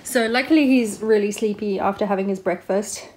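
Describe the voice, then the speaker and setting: A woman's voice: medium pitch, fairly quick, darkish tone, slight background noise. A young woman chatting casually in a home vlog, often cooing at her dog. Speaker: vlogger and dog owner.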